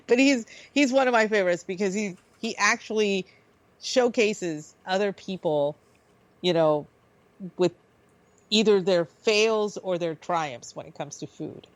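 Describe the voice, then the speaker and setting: A woman's voice: medium pitch, measured pace, no room sound. A woman co-hosting a radio talk show, telling chatty stories with frequent laughs. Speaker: co-host. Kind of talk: casual chat.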